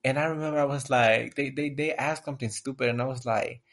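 A young man co-hosting a podcast in a loose, casual chat. His pitch sits in an ordinary middle range. He talks in slangy, animated bursts and breaks into laughter often. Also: quick pace. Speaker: podcast co-host.

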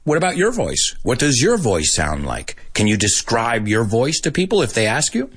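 A man teaching English vocabulary in a casual, animated lesson, mixing English with Spanish and laughing often. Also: mid-range voice, moderate pace, breathy edge.

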